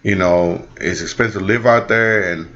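A man's voice: normal speed, muffled recording. A man from the Midwest, a father telling family stories in casual chat and acting out the voices he quotes. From American Midwest. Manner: animated, acts out quoted voices with big pitch jumps. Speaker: father and co-host.

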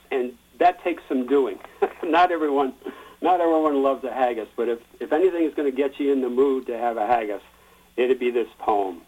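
A man explaining a tradition in a plain-spoken, relaxed way, with the odd filler. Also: medium pitch, husky, lo-fi sound. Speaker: guest explaining a Burns supper. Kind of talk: explanatory chat.

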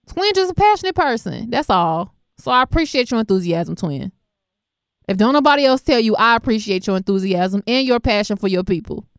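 A woman's voice: medium pitch, a little fast, smooth, no echo, clean studio sound. Laughing, chatty young woman radio host. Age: young adult. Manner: laughing, chatty, affectionate and conversational. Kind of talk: casual talk radio with callers and news.

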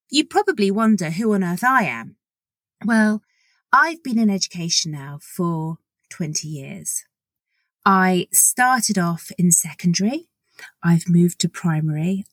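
A woman's voice: mid-range voice, breathy edge, dry recording. A woman in her forties hosting a solo podcast introduction, chatty and enthusiastic, acting out little conversations. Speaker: podcast host.

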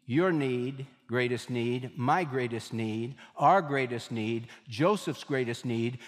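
A male pastor delivering an emphatic sermon, repeating key phrases and slowing down for weight. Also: medium pitch. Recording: long hall reverb.

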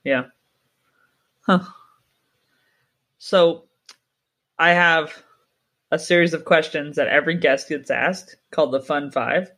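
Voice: medium pitch, fairly even intonation, takes it slowly, pauses often, fairly bright tone. A podcast host chatting casually with a guest, reflecting briefly before moving on. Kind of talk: casual interview chat.

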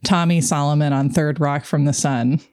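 A woman with a lowish voice co-hosting a podcast, full of wry, sarcastic asides. She tells her stories in a loose, chatty manner. The sound is close and dry. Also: steady tone, normal speed, darkish tone, dry recording. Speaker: podcast co-host. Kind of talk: casual podcast chat.

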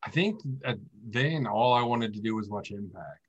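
Casting note: laid-back podcast co-host, man with a lowish voice, chatty and agreeable. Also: moderate pace, muffled recording, slight background noise. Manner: relaxed, agreeable, reacts with short replies. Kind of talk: casual chat.

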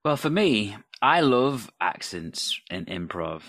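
Earnest low-voiced man, dry sound. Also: very animated, slow, fairly bright tone, no echo. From United Kingdom. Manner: enthusiastic, earnest and emphatic. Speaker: improv performer and podcast co-host. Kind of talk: conversational discussion.

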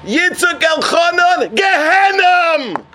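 A man putting on a stern heavenly voice that passes judgment, shouting accusations and drawing out its proclamations. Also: extremely high pitch, huge pitch swings, slow pace, a little hiss or hum, full character voice. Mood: thundering, accusing.

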